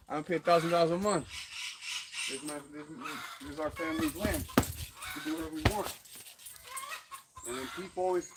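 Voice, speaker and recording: A man's voice: a little high, background noise. A man talking loosely through a boxing workout in an outdoor yard gym, breathing hard, swearing and laughing as he rambles. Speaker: fitness vlogger. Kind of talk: casual rambling talk during a workout. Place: outdoor home gym under trees on rural land. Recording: loud outdoor background with roosters and dogs.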